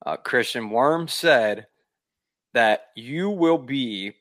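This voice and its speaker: A man co-hosting a sports podcast, relaxed as he wraps up with thanks to the guests. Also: medium pitch, very slow, no room sound, clean studio sound. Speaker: podcast co-host. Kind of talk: casual sports chat.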